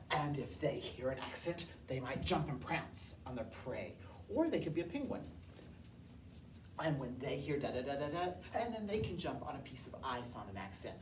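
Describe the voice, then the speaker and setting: Very low-voiced, animated woman teacher. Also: distant mic, noisy background. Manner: lively, enthusiastic explaining. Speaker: music teacher. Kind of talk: teaching a workshop.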